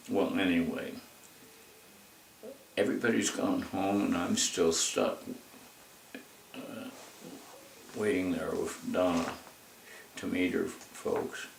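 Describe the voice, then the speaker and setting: An older man with a very deep, gravelly voice rambles through family memories at an unhurried pace. He speaks in a folksy way and drifts into asides. The mic sits well away from him in an echoey room. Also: distant mic, slight background noise. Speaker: interviewee telling family history. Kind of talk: casual storytelling.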